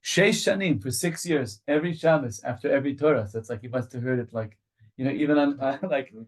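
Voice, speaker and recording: A male rabbi giving a Torah study lecture, reading passages in Hebrew and rendering each one in English as he goes. He tells the story with animation, repeating phrases for emphasis and often restarting his sentences. His voice sits at an ordinary middle pitch for a man. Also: fairly quick. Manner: reads Hebrew lines aloud, then translates them into English. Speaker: rabbi teaching a study group.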